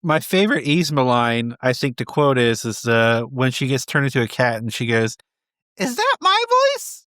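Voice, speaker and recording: A man co-hosting a casual movie review chat, lively and quick to laugh at favorite lines. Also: medium pitch, no room sound, clean studio sound. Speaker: co-host of a movie review show.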